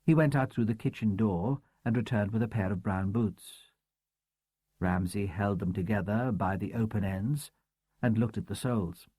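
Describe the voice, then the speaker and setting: A man narrating a crime novel audiobook in a measured, expressive storytelling manner. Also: fairly low pitch, breathy edge, dry recording. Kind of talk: scripted narration.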